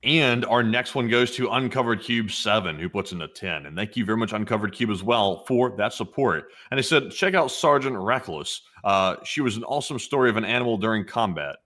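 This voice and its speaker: A man's voice: on the low side, animated, brisk, few pauses, fairly bright tone. A man co-hosting a live stream, reading out viewer donations and messages with jokey asides in a casual way.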